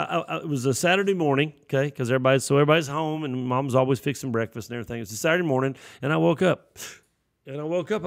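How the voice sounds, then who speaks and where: A man delivers a sermon in a folksy storytelling way, slipping into little acted voices. His voice sits a touch high for a man and carries a gravelly edge. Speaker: preacher.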